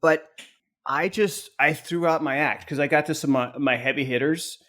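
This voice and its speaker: A man's voice: on the high side, normal speed, fairly bright tone. Man telling a self-deprecating story. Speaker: podcast co-host; teacher and improv comedian. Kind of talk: casual chat.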